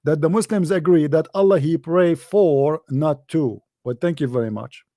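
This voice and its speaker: In a moderately paced, slightly high voice with a dark tone, this online religious debater delivers scornful, emphatic commentary. His English phrasing is non-native, and he repeats himself and laughs a lot. The studio-quality audio has no room sound.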